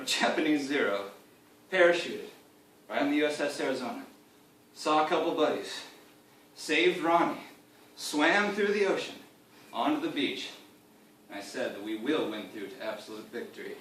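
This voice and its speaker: A man telling a deadpan comic tall tale, rambling on with loud acted-out quotes and chuckling asides. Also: mid-range voice. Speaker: speaker giving a comic presentation. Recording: echoey room from far off, faint hiss.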